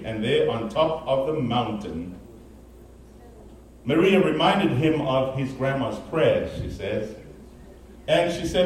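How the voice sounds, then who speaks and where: A man preaching a sermon, telling a story with animated, emphatic delivery. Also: a little high, measured pace, slight background noise. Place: church sanctuary. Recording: very echoey, distant mic in a large room.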